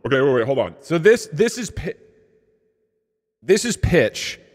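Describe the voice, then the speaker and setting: A man streaming live, talking in an excitable, rambling and joking way. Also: fairly high pitch, a little slow, no room sound, clean studio sound. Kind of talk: casual live-stream chat.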